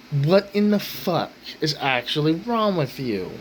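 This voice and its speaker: A man's voice: on the high side, sing-song, a little slow, slight background noise, poor audio. A man hosting his own rant channel, talking bluntly and swearing constantly in an angry rant.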